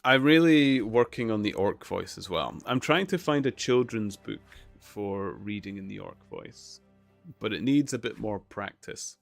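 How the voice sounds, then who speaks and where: A man chatting casually with his viewers on a live stream, relaxed and chuckling. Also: on the low side, measured pace, creaky, faint music behind. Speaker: livestreamer.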